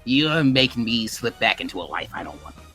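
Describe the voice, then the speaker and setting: A man's voice: mid-range voice, big pitch swings, brisk, bright, forceful tone, slightly rough, faint music behind, exaggerated voice. A man voicing a stressed, weary male Plusle who rambles and pleads for peace in a tabletop game. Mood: exasperated. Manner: rambling, pleading, self-correcting.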